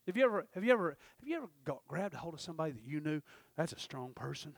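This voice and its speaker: A man preaching a sermon, telling folksy stories and acting out the dialogue, swinging from shouted peaks down to low murmurs. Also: big pitch swings, very fast, vocal fry, hardly any pauses, dry recording. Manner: folksy storytelling with acted-out dialogue. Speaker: pastor.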